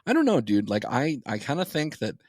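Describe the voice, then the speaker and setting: A man's voice: medium pitch, very animated, a little fast, dry recording. A man co-hosting a podcast, rambling in crude casual chat with lots of swearing and restarts. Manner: rambling, profane, restarts a lot. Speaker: podcast co-host.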